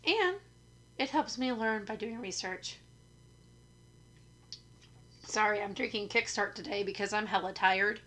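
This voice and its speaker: This is a hoarse young woman chatting into a new microphone for her podcast. Her voice is rough from illness yet bright and forward at an everyday middle pitch. She rambles casually and keeps poking fun at herself. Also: a little slow, long pauses. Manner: chatty, self-deprecating, rambling. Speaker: podcast host. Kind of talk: casual chat. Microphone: studio microphone.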